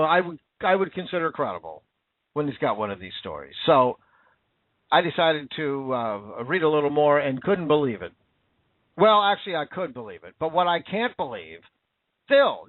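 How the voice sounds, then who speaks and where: Here a high-voiced male commentator rants furiously, cursing and asking question after question he doesn't expect answered, with flashes of sarcasm. The audio is tinny and dry, with no trace of the room.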